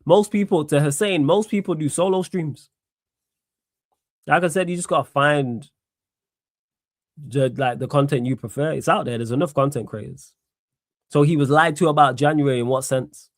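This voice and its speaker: Young male streamer, slightly high, dry close sound, blunt and sarcastic, repeats himself for emphasis. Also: moderate pace, long pauses, no echo. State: tired. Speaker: streamer host. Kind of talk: solo live-stream sports Q&A.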